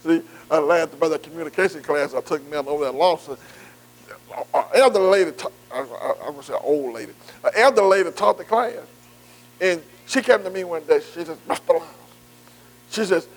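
High-voiced man preaching conversationally. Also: brisk, rough recording. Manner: repetitive "see" and "am I right", engaging the room; folksy, informal grammar. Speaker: bible study teacher.

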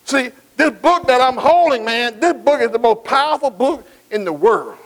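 A man with an extremely high, lively voice preaches as a pastor, engaging his congregation in call-and-response, drawing out scripture and adding folksy asides. It's a low-quality recording.

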